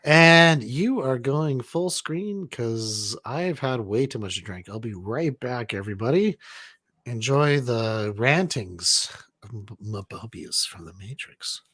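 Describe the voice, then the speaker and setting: A man's voice: medium pitch, animated, slow, fairly bright tone. A man co-hosting a casual film review chat, laid-back and mostly chiming in with short agreements. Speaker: radio show co-host.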